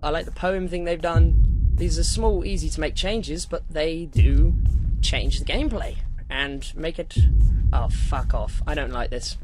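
A man's voice: fairly high pitch, measured pace, loud music behind the voice. A young man giving horror game commentary who shrieks and swears when startled and mutters to himself between scares, into a headset mic. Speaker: gamer.

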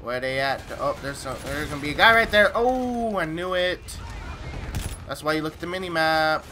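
A man giving live commentary while playing a shooter game, excitable and taunting the opponents as he plays. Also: a little high, moderate pace, noisy background. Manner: trash-talking, excitable, talks to opponents. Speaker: gamer. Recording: loud game gunfire behind voice. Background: game gunfire and effects.

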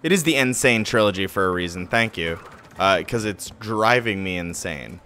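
A man live streaming a game from home, ranting and cursing, swinging between shouts and muttering. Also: deep voice, expressive, normal speed, faint music behind. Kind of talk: profane rant-style game commentary.

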